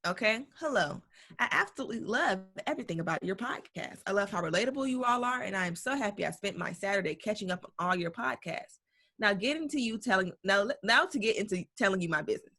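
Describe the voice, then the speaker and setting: A woman's voice: medium pitch, expressive, quick pace, sharp tone. A woman co-hosting a casual podcast, reading a listener's email aloud with slang, swearing and bursts of laughter. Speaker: podcast co-host.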